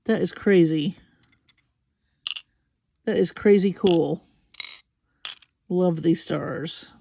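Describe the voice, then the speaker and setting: A woman hosting a crafting video, gushing slowly and admiringly over beads with soft exclamations as she unboxes them. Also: fairly low pitch, vocal fry, a little hiss or hum. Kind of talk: unboxing commentary.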